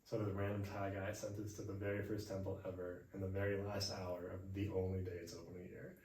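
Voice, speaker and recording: A young man hosting a podcast, telling a travel story in a relaxed chat at home and acting out the people he met. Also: low voice, fast talker. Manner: animated, acts out quoted voices. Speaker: podcast host. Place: indoors at home. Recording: echoey room, mic far off, faint hiss.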